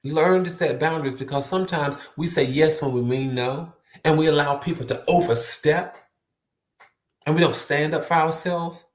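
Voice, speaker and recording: A man's voice: a little high, fairly even intonation, normal speed. A man giving an earnest, emphatic motivational talk to the viewer, repeating words for stress. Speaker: motivational speaker. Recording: roomy echo.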